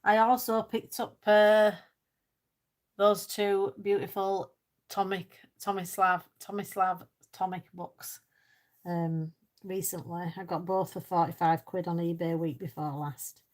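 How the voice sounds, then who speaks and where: Woman hosting a cosy live stream, slightly low voice, relaxed and chatty. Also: measured pace. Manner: chatty, reads out and answers viewers' comments; self-deprecating, laughs easily. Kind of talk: casual chat while colouring.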